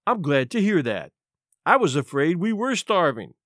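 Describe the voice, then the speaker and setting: Soft-spoken ruined gentleman, dry wit, read by a male narrator. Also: on the high side, big pitch swings, normal speed, dry recording. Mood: dry ironic. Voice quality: quiet, dry and ironic.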